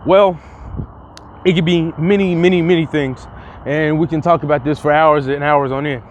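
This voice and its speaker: Young male vlogger, high for a man, loose rambling delivery with cursing and false starts, faint noise behind him. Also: fairly even intonation, moderate pace, highs cut off. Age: young adult. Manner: rambling and profane, with frequent restarts. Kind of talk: casual vlog commentary.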